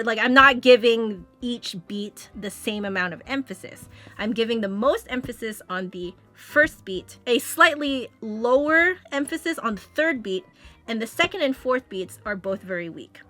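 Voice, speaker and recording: Bright-voiced woman teaching music theory. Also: fairly high pitch, expressive, moderate pace. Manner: chatty, explanatory, sings beats with "bum". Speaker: flute teacher. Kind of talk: casual music lesson explaining sight reading.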